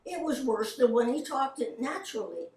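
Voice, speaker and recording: A woman's voice: on the high side, big pitch swings, normal speed, a little mellow. An older woman, a voice actress, telling anecdotes in a chatty, casual way and quoting the people in her stories. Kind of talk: casual storytelling. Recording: roomy, from a distance.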